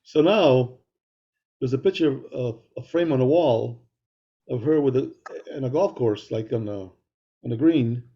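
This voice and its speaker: A man's voice: mid-range voice, a little slow, breathy edge, muffled recording. A middle-aged man co-hosting a podcast, telling a rambling story in casual chat. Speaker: podcast co-host.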